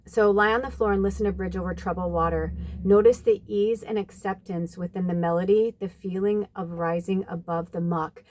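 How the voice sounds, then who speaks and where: A woman's voice: mid-range voice, fairly even intonation, normal speed, few pauses, a little mellow, a little hiss or hum. A woman, a spiritual medium, talking casually and rambling with lots of fillers and some swearing while giving advice to her viewers. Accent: American. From United States.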